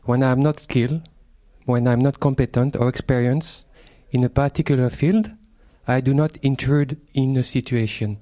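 A French-accented Buddhist monk speaks English in a mellow, dark tone. He is courteous and unhurried, and often pauses on "uh" while he gathers his words. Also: mid-range voice, fairly even intonation. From France. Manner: polite and hesitant, with many fillers.

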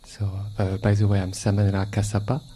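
A man's voice: on the low side, completely flat delivery, a little fast, dark tone, breathy edge. A man from France with a French accent, a Buddhist monk who speaks politely and hesitantly in English, with many fillers.

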